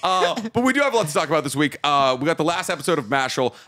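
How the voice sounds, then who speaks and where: A young man co-hosting a casual podcast, joking and riffing with quick banter. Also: fairly high pitch, big pitch swings, bright, forceful tone. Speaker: podcast co-host. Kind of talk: casual chat.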